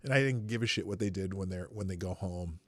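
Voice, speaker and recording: A man hosts a live show, rambling quickly through casual commentary full of swearing and abrupt leaps in pitch. The recording is dry.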